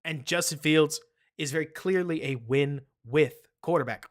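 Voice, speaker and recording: Animated man hosting a live football stream. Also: a little high, moderate pace. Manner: animated, rambling, answers viewers by name. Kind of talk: casual live-stream chat.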